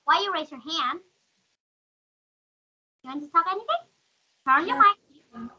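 A woman with a Vietnamese accent leads an online class, asking questions and calling on students by name. Her voice is very high and strikingly bright. The audio is dull and lo-fi, as on a video call. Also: sing-song, a little slow, slight background noise. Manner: calls on students by name, asks many questions. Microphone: computer mic on a video call.

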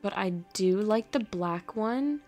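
A woman's voice: medium pitch, takes it slowly. Woman, gaming channel host, chatty and gushing, easily thrilled, faint background music. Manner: gushing, excitable, talks to her game horses. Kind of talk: casual game commentary.

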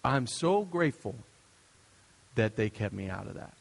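A man's voice: mid-range voice, big pitch swings, normal speed, vocal fry, long reverb tail. A young adult male pastor giving a conversational, story-driven sermon. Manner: storytelling, conversational, with restarts and asides.

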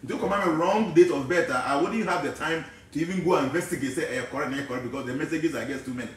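A man with a Ghanaian accent, giving an animated, preachy talk that wanders from point to point. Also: a little high, quick pace, heavy reverb, recorded from a distance. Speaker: spiritual teacher. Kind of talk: casual talk mixing English and Twi.

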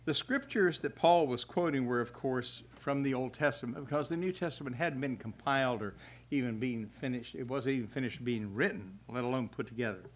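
A man's voice: medium pitch, fairly quick. Older man preaching a folksy sermon. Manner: folksy, chuckles, restarts while reading scripture. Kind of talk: sermon with scripture reading. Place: church hall at a religious festival.

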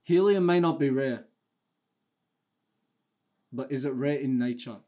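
A young man hosting a homemade quiz game with friends, loud and joking, calling everyone bro. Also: medium pitch, unhurried. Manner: loud, laughing, says bro a lot. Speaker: game show host. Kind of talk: casual joking banter. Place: room indoors with friends.

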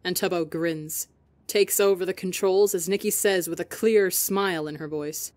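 A woman reads a long story aloud in a calm, measured voice that sits a little low. She eases softly into asides and keeps an even storytelling pace. The recording is dry and close, with no room sound. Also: no room sound. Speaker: podcast reader. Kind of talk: audiobook reading of fan fiction.

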